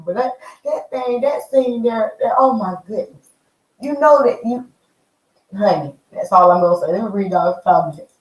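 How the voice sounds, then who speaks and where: A woman chatting in an animated way as she reviews a reality show, calling her viewers "y'all" and "honey.". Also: mid-range voice, normal speed, dull audio. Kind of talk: casual chat. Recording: roomy, mic at a distance.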